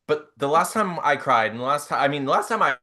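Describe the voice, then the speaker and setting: A man's voice: on the high side, lively intonation, fast talker, pushed and bright. A young man co-hosting a casual live-stream chat, rambling with many fillers and restarts. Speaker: co-host.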